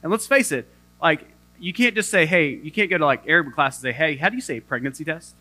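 A man's voice: a little high, quick pace, bright, forceful tone. A young adult male pastor giving a sermon, telling a self-deprecating story with humor.

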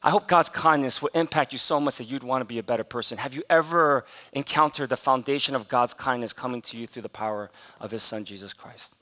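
A man's voice: mid-range voice, quick pace, few pauses, pushed and bright. A middle-aged man preaching a sermon as pastor, mixing a humorous personal story with emphatic teaching. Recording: long hall reverb.

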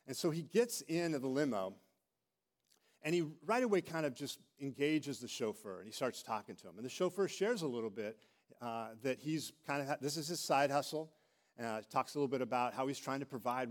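A middle-aged man preaching a sermon as a pastor, telling stories with animated delivery and acting out quoted voices. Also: medium pitch, a little fast.

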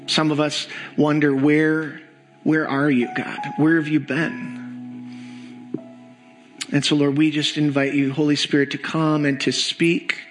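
Pastor, male, slightly high voice, slow unhurried earnest prayer, soft music beneath. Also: low-quality recording. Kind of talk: sermon prayer. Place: church sanctuary.

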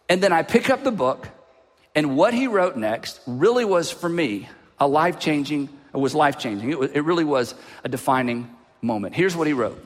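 A man preaching a sermon as a pastor, telling a personal story in an animated way and dropping his voice low for asides. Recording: long hall reverb.

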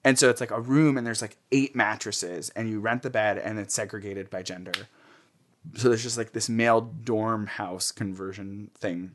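A man's voice: fairly low pitch, steady tone, normal speed, fairly bright tone. Chatty man telling frank stories. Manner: chatty, frequent fillers, laughs often. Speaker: interviewee. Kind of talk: candid personal storytelling.

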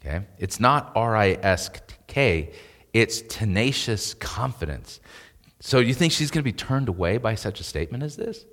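A man's voice: fairly low pitch, lively intonation, normal speed, a bit bright. Man preaching in a reverberant church. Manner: conversational preaching, rising to emphatic peaks. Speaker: pastor. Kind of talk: sermon.

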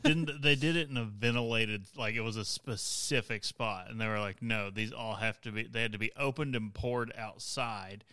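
A man's voice: medium pitch, moderate pace, hardly any pauses, no room sound. A man co-hosting a podcast, telling an anecdote in casual chat and repeating points for emphasis. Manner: animated storyteller, repeats for emphasis. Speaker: podcast co-host.

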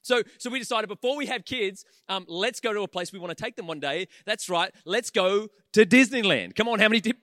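A man around forty preaching a sermon in a large auditorium, an animated storyteller who throws quick humorous asides to his audience. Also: high voice, dry recording, clean studio sound. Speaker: pastor.

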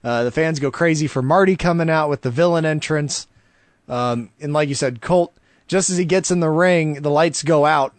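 A man co-hosting a podcast, chatting casually through a wrestling match recap, animated and laughing often as he acts out the wrestlers' shouts. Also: fairly high pitch, moderate pace, no room sound. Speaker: podcast co-host.

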